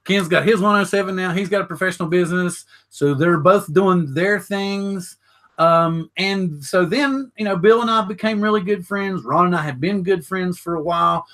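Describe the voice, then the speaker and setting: A man's voice: sits high, moderate pace, a bit bright. An older man hosting a casual live show, talking in a rambling way with many fillers and restarts. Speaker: show host.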